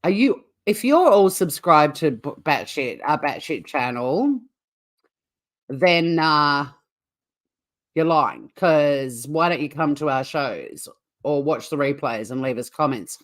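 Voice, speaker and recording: A woman's voice: low voice, lively intonation, slow pace. An Australian woman hosting a casual livestream, chatting to viewers in a rambling way with frequent laughs. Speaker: livestream host.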